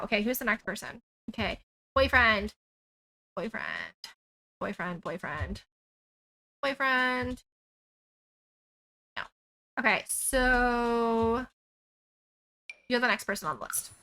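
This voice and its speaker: A woman's voice: fairly high pitch, slow, long pauses, pushed and bright. A woman giving chatty let's-play commentary, peppered with "like" and "um". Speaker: gaming YouTuber.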